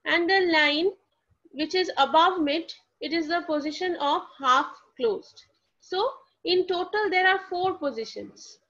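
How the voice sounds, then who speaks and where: On a dull lo-fi recording, a woman explains phonetics to students in a lecture, asking her own questions and then answering them. She spells words out one letter at a time, and her very high voice has a slightly bright quality.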